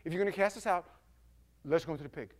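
A man's voice: fairly high pitch, quick pace, lightly acted. A man voicing desperate demons who scream and plead to bargain.

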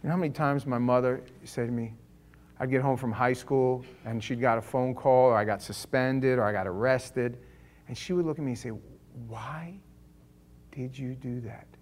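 Fairly quick and medium in pitch, this middle-aged pastor delivers a sermon as conversational storytelling. His volume shifts between quiet and loud lines, and he performs the voices of the people he describes.

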